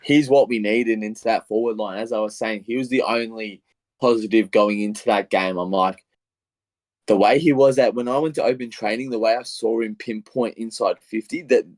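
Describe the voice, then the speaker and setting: A young Australian man with an Australian accent, co-hosting a casual football podcast and telling a long, excitable story full of re-enacted quotes. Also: on the low side, normal speed, no echo. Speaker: podcast co-host. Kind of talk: casual footy podcast chat.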